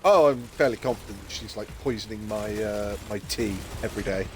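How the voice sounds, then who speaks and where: A man's voice: on the low side, brisk, slight background noise. A British man streaming a game, telling stories in casual chat and acting out the voices of people he quotes. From Britain. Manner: chatty storyteller, acts out quoted voices with laughs. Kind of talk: casual chat while gaming.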